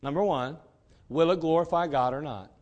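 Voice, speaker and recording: A middle-aged man preaches a sermon with a high voice. He talks in a folksy, easygoing way, dropping joking asides. He keeps hammering home the same rhetorical questions. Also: normal speed, darkish tone, muffled recording. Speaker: pastor.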